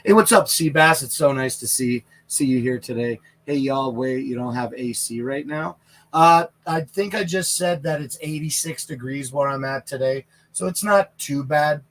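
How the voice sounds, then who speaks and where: A man's voice: mid-range voice, moderate pace, fairly bright tone. Chatty Canadian man, live-stream host. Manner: chatty and rambling, answers viewer questions. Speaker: livestream product reviewer. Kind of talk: casual live-stream chat. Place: inside a small camper trailer.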